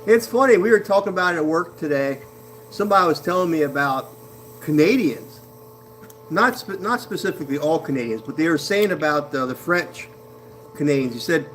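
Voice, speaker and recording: A man chats on a live stream in a relaxed, unhurried way, his voice riding high with lots of lively rise and fall. He laughs often and keeps things easygoing and friendly. A faint hum sits underneath. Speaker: potter hosting a live stream. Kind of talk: casual live-stream chat with viewers.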